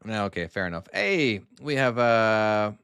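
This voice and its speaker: A middle-aged man with a softened Irish accent, chatting to his live-stream audience while playing his own trucking game. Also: lowish voice, expressive, measured pace, smooth, no room sound. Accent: Irish, softened by years in the US. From Ireland. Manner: rambling and chatty, talking to chat while driving.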